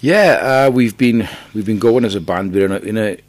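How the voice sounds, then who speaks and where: A Welsh man, lead singer of a band, telling a lively anecdote as a podcast guest, laughing often and repeating himself. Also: fairly low pitch, moderate pace, dry recording. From Wales. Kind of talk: casual podcast chat, storytelling.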